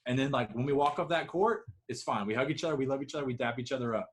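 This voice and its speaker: A man co-hosting a casual sports talk show, telling rambling, profane stories with animated energy. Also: medium pitch, very fast. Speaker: podcast co-host.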